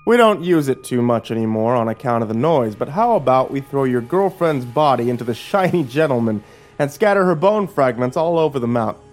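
A man's voice: mid-range voice, animated, fairly quick, darkish tone, pitched above the performer's own voice, lightly acted. A man voicing a cruel middle-aged male sheriff in a horror story, speaking with a mocking, contemptuous drawl.

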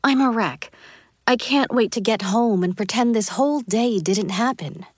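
A woman's voice: a little high, moderate pace, no echo, clean studio sound, close to an everyday voice. A woman voicing a tired, grumpy woman teacher in a storybook reading, curt and weary. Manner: curt, then weary and deflated.

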